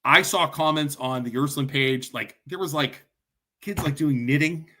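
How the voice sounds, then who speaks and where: A man's voice: on the high side, moderate pace, bright, forceful tone. A man hosting a podcast, a parent and coach delivering a furious, ranting monologue full of punchy repetition. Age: adult, parent. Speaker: podcast host. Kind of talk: angry monologue to camera.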